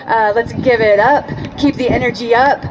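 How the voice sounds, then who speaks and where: A woman's voice: a little high, steady tone, normal speed. A woman emceeing an outdoor protest rally, introducing speakers with frequent hesitant fillers. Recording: crowd and outdoor noise.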